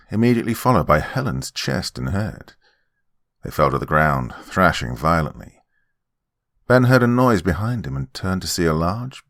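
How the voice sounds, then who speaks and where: Deep-voiced man narrating horror. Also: vocal fry, a bit bright, no room sound, studio quality. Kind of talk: scripted horror story narration.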